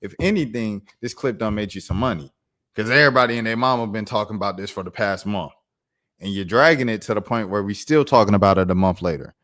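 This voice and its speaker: A man hosting a casual live commentary stream, talking in an animated, mocking way. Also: lowish voice, quick pace. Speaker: commentary channel host.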